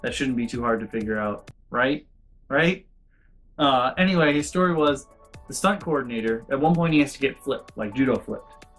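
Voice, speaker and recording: A man vlogging in a loose, chatty storyteller's voice at an average pitch. He rambles through his anecdotes with lots of asides, and soft background music plays underneath. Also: moderate pace. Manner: animated, acts out quoted voices, rambling asides. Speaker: convention vlogger. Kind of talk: casual storytelling vlog.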